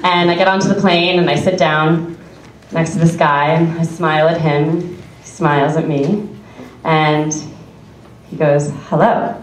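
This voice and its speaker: A woman's voice: low voice, steady tone, measured pace, a little hiss or hum. A young adult woman telling a chatty stand-up story, laughing through her lines. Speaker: stand-up comedian. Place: comedy club stage with audience. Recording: echoey club from far off, crowd.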